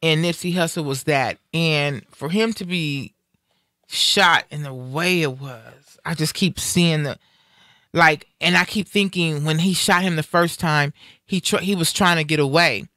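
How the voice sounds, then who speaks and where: A middle-aged woman with a bright, forceful voice speaks earnestly as she hosts a live stream. She preaches and repeats her points with feeling. The sound is dry and close, with no room echo. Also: low-pitched, a little slow. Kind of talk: emotional casual chat.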